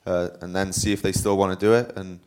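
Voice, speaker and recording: A man's voice: low-pitched, flat delivery, fairly quick, darkish tone, smooth. A young man, a pro cyclist, telling stories in a rambling, self-deprecating way as a guest at a live talk. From Wales. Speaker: interview guest, professional cyclist. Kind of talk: casual storytelling at a live talk.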